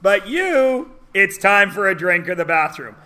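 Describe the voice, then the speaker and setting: A man teaching a math class in a classroom, chatty and teasing, often checking in with quick questions. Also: sits high, big pitch swings, pushed and bright. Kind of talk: classroom lesson.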